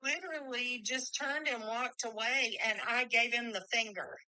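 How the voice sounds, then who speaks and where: A woman's voice: a little high, fairly even intonation, moderate pace, bright, forceful tone, clear, resonant tone, dry recording, low-quality recording. A middle-aged woman telling stories bluntly in casual conversation. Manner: blunt, storytelling with quoted dialogue.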